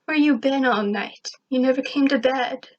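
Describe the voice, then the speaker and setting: A woman's voice: sits high, normal speed, lo-fi sound, pitched above the performer's own voice. A woman doing a wolfish girl in broken English. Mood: fond. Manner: clipped broken English, soft and fond. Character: affectionate wolf-like young woman, broken speech.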